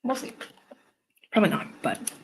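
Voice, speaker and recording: A woman's voice: moderate pace, slight background noise. A young woman hosting a casual livestream from home, chatting, reading viewer comments aloud and laughing often. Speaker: livestream host and writer.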